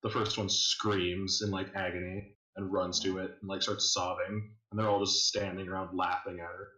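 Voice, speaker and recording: A man's voice: deep voice, little pitch movement, moderate pace, sharp tone. A man narrating a tabletop game as game master, casual and full of fillers. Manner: casual, filler-heavy storytelling. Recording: echoey room.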